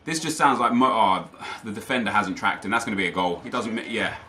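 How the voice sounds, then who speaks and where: A man's voice: lowish voice, fast talker, sharp tone, a little hiss or hum. A young man commentating live over his own gameplay, ranting in frustration to his viewers. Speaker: gaming YouTuber.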